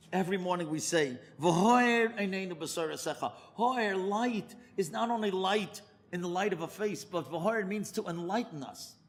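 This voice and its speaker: Animated high-voiced rabbi telling a story. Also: male voice. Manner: animated storyteller, pitch leaping high for emphasis. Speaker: rabbi giving a lecture. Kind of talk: storytelling sermon.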